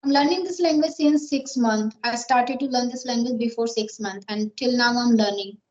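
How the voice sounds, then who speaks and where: High-voiced Indian woman, earnest. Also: moderate pace, darkish tone. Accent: Indian English. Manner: earnest, explains at length with many fillers. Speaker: English learner. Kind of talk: casual practice conversation. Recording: echoey, dull lo-fi sound.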